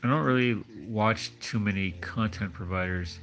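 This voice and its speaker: A man hosting a casual livestream, rambling and hesitant, often restarting his thoughts. His voice sits low, with a faint hiss of noise behind it. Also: normal speed, fairly bright tone. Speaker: livestream host. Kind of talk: casual chat.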